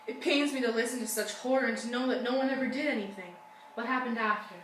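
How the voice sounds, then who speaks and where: A gushing, sympathetic talk-show hostess, played by a young woman in a school skit. Her slightly high voice echoes around the room. She is picked up from a distance, with a faint hum behind her. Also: quick pace, fairly bright tone, lightly acted. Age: young adult. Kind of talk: school-project talk-show role-play.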